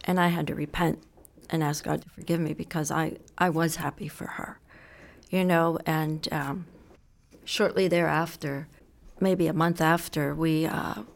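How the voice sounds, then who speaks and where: A woman's voice: low-pitched, gravelly. A middle-aged woman, a pastor's wife, telling a personal testimony in a candid, self-deprecating way. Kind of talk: storytelling testimony.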